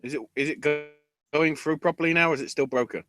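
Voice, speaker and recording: A man co-hosting a podcast in casual chat, swearing often and bursting into excited outbursts. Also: a little high, quick pace, music in the background. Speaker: podcast co-host.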